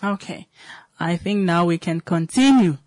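Host out of breath, dry cough, slow reflective pep talk, mid voice, super dry sound. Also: medium pitch, darkish tone, no room sound. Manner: slow, reflective, asks itself questions. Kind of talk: motivational talk.

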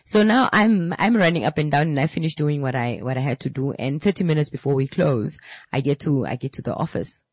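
A woman's voice: low voice, lively intonation, a little fast, dry recording. A woman who owns a beauty salon, animatedly telling a story about a client, often repeating and restarting words. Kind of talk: casual storytelling to camera.

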